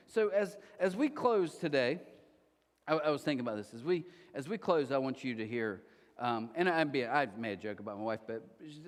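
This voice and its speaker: A man in his forties preaching a sermon in a church auditorium, telling stories in an animated way and acting out the quotes. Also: medium pitch, big-room sound. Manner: animated storytelling, acts out quotes. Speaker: pastor.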